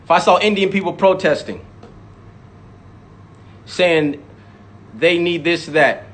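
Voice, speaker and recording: A man's voice: on the high side, lively intonation, slow, a bit bright. A man giving a heated, profane monologue, repeating lines for emphasis and mocking imagined critics. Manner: mocks imagined critics in sudden voices. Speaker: rapper speaking out. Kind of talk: impassioned monologue.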